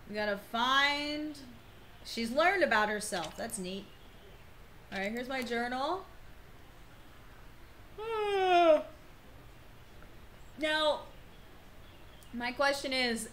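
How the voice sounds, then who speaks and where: A woman's voice: fairly high pitch, bright, forceful tone, slight background noise. Chatty, swearing young woman streamer. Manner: chatty, profane, laughs often. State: slightly worn voice. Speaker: game streamer. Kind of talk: casual let's-play commentary.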